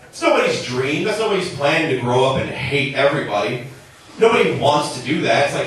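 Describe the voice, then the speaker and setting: Fairly high-pitched and expressive, a young comedian from southern Minnesota does a conversational bar set, heavy on "like" and "right." He talks fairly quickly with a fairly bright tone. The room is echoey, recorded from a distance.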